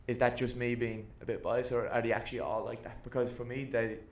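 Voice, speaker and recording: A football coach co-hosts a casual podcast, his voice at a plain middle male pitch. He rambles keenly, circling back and restarting his sentences. The delivery is loose and conversational. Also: level tone, a little fast. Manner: rambling, many fillers and restarts, keen.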